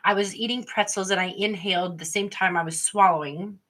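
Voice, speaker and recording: A woman's voice: mid-range voice, fairly even intonation, a little fast, fairly bright tone. A woman hosting a casual livestream craft tutorial, chatting straight to her viewers as she explains each step. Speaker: craft workshop host.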